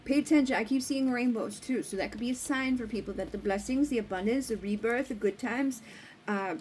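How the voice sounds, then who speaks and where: A woman's voice: a little high, brisk, noisy background. A woman giving a casual oracle card reading, talking in a blunt, rambling way and swearing freely. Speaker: spiritual card reader.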